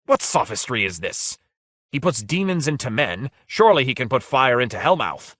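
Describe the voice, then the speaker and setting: A man reading aloud, voicing a wrathful, frantic male warlord who shouts commands. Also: mid-range voice, big pitch swings, moderate pace, no room sound, clean studio sound, voice pushed up. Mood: commanding.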